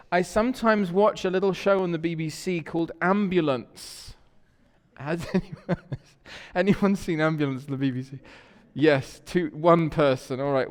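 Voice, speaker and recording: English male pastor, conversational sermon delivery, slightly high voice, reverberant sanctuary. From England. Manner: conversational storytelling, asks the congregation questions. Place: church sanctuary. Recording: long church reverb.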